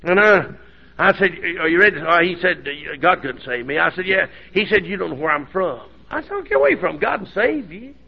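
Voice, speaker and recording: An older man, a preacher telling a story in a sermon in a folksy, animated way with sudden shouts. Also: high-pitched, fairly quick, gravelly, breathy edge. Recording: dull lo-fi sermon recording.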